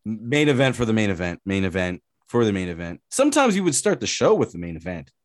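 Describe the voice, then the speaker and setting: Animated, swearing man ranting about fights. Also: on the low side, fast talker, dry recording, clean studio sound. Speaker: podcast co-host. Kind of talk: casual sports chat.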